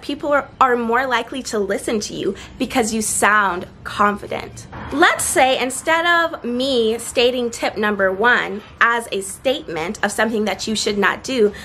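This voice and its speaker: Her voice is fairly high, expressive, bright, and forceful, with a little hiss or hum on the recording. This young vlogger shares confidence tips outdoors with seagulls nearby, speaking earnestly and encouragingly and slowing for emphasis.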